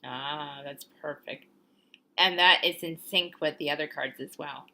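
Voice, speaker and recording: A woman's voice: sits low, steady tone, measured pace, bright, forceful tone, slight background noise. A young woman hosting an oracle card reading, talking casually and encouragingly, rambling with ums and little laughs. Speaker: oracle card reader, channel host. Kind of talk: casual spiritual video talk.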